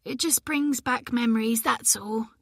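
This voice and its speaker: A woman voicing a gentle, grieving mother in her seventies who pleads softly and tearfully with her daughter. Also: fairly high pitch, unhurried, vocal fry, husky, no room sound, studio quality, exaggerated voice. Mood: pleading.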